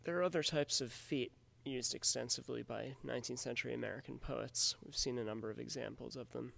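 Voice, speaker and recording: A man teaching a class, explaining things in a measured, scripted way. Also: mid-range voice, fairly even intonation, vocal fry, a bit bright. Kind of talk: scripted lesson narration.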